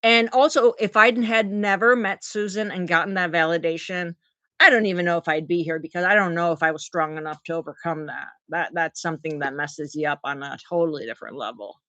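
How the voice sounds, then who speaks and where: A middle-aged woman vlogging, telling a personal story in an emotional, animated way to camera. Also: on the low side, brisk, no echo. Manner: emotional, animated, talks to her dogs mid-story.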